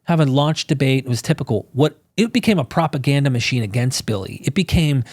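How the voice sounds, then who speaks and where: A man speaking as a podcast guest, telling stories with fervent emphasis and quick bursts of conviction. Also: mid-range voice, expressive, darkish tone, no echo, studio quality. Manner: fervent, emphatic, acts out quoted people. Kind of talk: impassioned conversational storytelling.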